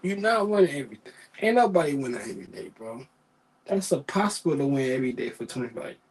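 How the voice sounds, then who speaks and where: A man's voice: medium pitch, sing-song, fast talker, husky, rough recording. A man telling work stories in a casual, profane, exasperated rant, repeating himself.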